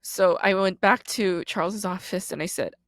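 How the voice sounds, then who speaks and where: A woman's voice: on the low side, moderate pace, a bit bright, dry recording. A woman in her thirties, a podcast host and comedian, giving a raw confessional monologue in a blunt, profane way.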